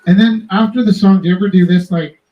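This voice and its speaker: A man hosting a live art auction, telling rambling personal stories to the audience in an animated, self-interrupting way. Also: sits high, fast, lo-fi sound, faint music behind. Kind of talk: casual storytelling to a live audience.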